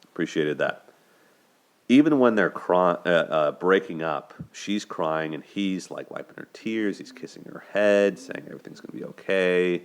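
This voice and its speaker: A man's voice: sits low, lively intonation, moderate pace, clean tone. A young man hosting a solo video, talking through a film's relationships in an earnest, conversational way. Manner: earnest, conversational, repeats words when restarting. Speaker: host discussing relationships.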